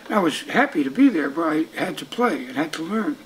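An older man, a musician telling lively anecdotes in an interview and acting out the dialogue. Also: a little high, brisk, slight background noise, poor audio. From Brooklyn, New York. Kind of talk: storytelling interview. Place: indoors in Brooklyn.

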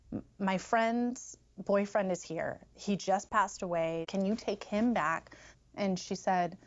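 A woman with a mid-range voice retells events earnestly, acting out the bits of dialogue she quotes. The film audio sounds slightly muffled. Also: mid-range voice. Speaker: interviewee. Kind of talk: documentary testimony.

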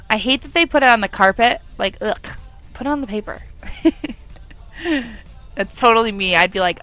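Young woman, gravelly tone, chatty let's play commentator who talks to her characters and giggles a lot. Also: mid-range voice, sing-song, normal speed, pauses often, sharp tone, soft background music. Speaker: gameplay commentator.

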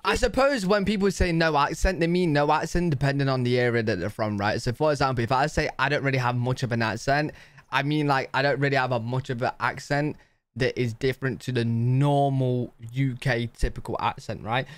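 A man's voice: medium pitch, fairly quick, dry recording. Chatty British man, dry sound. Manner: chatty, rambling, says "bro" a lot. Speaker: reaction channel host. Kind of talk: casual reaction commentary.

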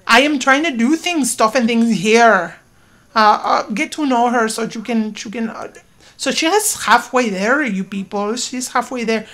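A woman giving casual let's-play commentary, excitable and talking to her game characters, with sudden loud outbursts. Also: fairly high pitch, measured pace. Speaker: gaming YouTuber.

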